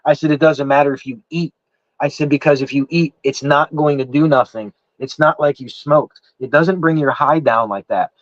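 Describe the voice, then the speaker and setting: A man's voice: on the high side, normal speed, no room sound. Rambling, swearing East Coast man. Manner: rambling, heavy swearing, lots of "I said" restarts. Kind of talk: casual storytelling chat. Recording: dull muffled lo-fi sound.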